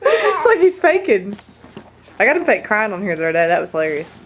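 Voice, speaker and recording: A woman's voice: mid-range voice, huge pitch swings, brisk, fairly bright tone, a little hiss or hum. A mother cooing and laughing at her baby in a home video, talking to him in a playful, coaxing way. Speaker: baby's mother. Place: family home indoors. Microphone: handheld camcorder. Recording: home video with family chatter around.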